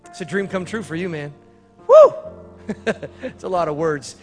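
Speaking at a moderate pace, a man with a high voice and huge pitch swings makes church announcements and leads a prayer in a loose, chatty way with joking asides. It takes place in a church sanctuary, recorded with hall reverb and faint music.

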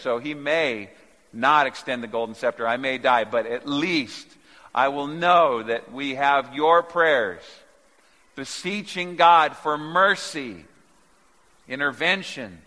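A man preaching a sermon in a bright, forceful voice. He swings from hushed, low asides to loud, emphatic peaks. The sound rings with the long reverb of a large church hall. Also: measured pace. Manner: dynamic, swings from quiet to emphatic. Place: church sanctuary.

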